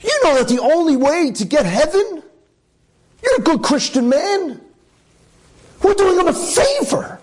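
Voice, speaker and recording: A man putting on a shrill pleading mother. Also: big pitch swings, unhurried, long pauses, full character voice, poor audio. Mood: pressing. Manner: high, shrill and pleading, tearful at times. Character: pleading, pious Christian adoptive mother, middle-aged woman.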